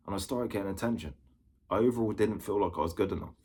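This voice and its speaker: A young man talks through his own story for a vlog in a low, deep voice. He is candid and loose, circling back over the same points and dropping the odd swear word. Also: racing, a little mellow, husky. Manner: candid, repetitive, swears casually. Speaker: vlogger. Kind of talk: casual personal storytelling.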